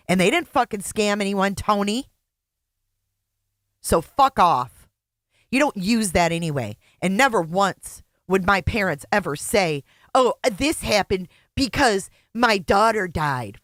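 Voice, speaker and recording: A woman's voice: medium pitch, animated, measured pace, a bit bright, dry recording, clean studio sound. A woman host reacting to a clip with blunt, angry commentary and heavy swearing.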